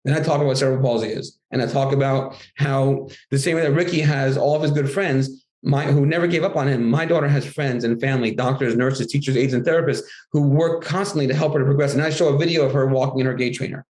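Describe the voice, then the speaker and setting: A middle-aged man talks fast as a guest author, energetic and lively, jumping into a higher voice when he acts out his own classroom lines. His voice carries a roomy echo, and the pitch sits at an ordinary middle. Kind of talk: casual interview talk.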